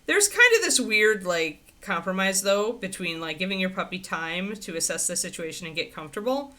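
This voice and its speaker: A woman hosting a livestream, chatting casually and answering viewers' questions in a rambling, animated way with frequent laughter. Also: moderate pace. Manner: animated, swinging pitch into playful quoted voices. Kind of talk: casual chat.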